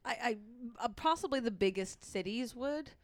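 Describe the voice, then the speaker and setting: A woman's voice: fairly high pitch, lively intonation, moderate pace, no room sound. A woman in casual chat, playful and teasing, laughing often.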